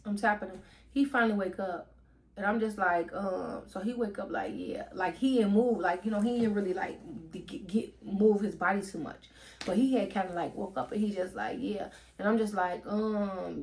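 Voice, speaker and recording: A young woman tells a storytime in a lively, casual way, talking straight to her viewers and cursing freely. Her voice sits at an ordinary middle pitch for a woman. She speaks into a headset mic. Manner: animated, addresses viewers as "y'all", swears freely. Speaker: storytime vlogger.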